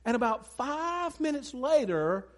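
Very high-pitched and unhurried, this pastor's voice fills a sermon delivered from a church stage. He speaks directly to the congregation, telling funny family stories in an animated, humorous manner.

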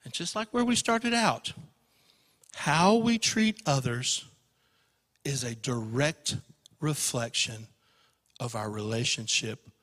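A man preaching a sermon in a church, telling an emotional story and swinging from loud passages to hushed ones. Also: mid-range voice, expressive, takes it slowly, long pauses, long reverb tail. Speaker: pastor.

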